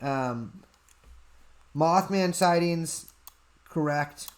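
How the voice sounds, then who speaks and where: A man on a casual livestream, answering viewer questions in an offhand, deadpan manner. His voice sits a little high for a man. He talks close into a desktop mic, sounding like he is at home. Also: drawn-out words. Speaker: podcast host answering chat.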